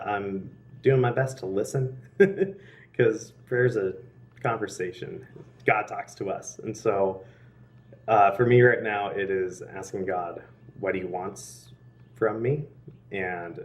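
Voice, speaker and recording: A man's voice: on the low side, fairly even intonation, takes it slowly, pauses often, recorded from a distance. A young man telling a personal faith story in a casual, earnest way, with frequent laughs and restarts. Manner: earnest, laughs often, many fillers and restarts. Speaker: interviewee.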